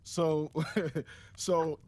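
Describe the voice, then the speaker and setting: A man from Chicago, a guest in a casual interview, telling a story haltingly with chuckles. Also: a little high, level tone, a little mellow, no echo.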